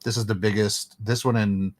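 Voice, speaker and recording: A man in laid-back podcast conversation, searching for words with fillers and restarts. His voice sits a little low. He keeps the talk loose and rambling. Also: flat delivery, moderate pace. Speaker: podcast co-host. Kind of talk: casual chat.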